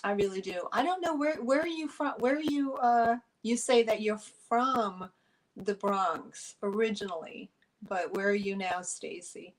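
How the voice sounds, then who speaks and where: A woman from New York with a New York accent, running a chatty live sale of vintage items into her phone, filling pauses with ums. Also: mid-range voice, low-quality recording. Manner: chatty, friendly, many fillers. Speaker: online vintage seller.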